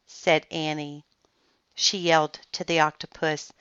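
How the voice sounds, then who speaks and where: A woman reading a children's book aloud in slow, clear storytelling. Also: low voice, flat delivery, a bit bright, dry recording. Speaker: reader. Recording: dull lo-fi sound, dry.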